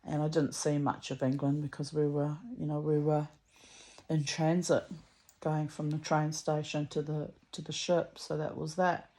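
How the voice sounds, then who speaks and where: Woman with a deep voice just rambling thru a story, blunt, swears a bit, keeps restarting sentences. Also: flat delivery, moderate pace, warm tone. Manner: chatty, rambling, with frequent asides and restarts; blunt and salty-tongued. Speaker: vlogger telling a story. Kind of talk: casual storytelling monologue.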